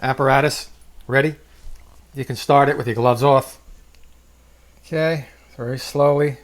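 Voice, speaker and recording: A man's voice: mid-range voice, steady tone, measured pace. A man hosting a casual cooking demonstration in a kitchen, joking and chatting to the viewer. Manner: jokey, chatty, talks to the viewer. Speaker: cooking show host. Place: home kitchen.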